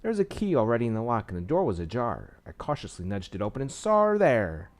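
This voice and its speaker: A man's voice: medium pitch, huge pitch swings, fast. A man reading a visual novel aloud, with small slips and asides, saying he is losing his voice. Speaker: game narrator.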